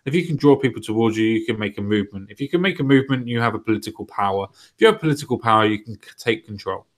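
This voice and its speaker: A man's voice: lowish voice, lively intonation, very fast. A man hosting a casual political podcast, talking loosely and mocking what others said. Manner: conversational, mocking quotes. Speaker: podcast host.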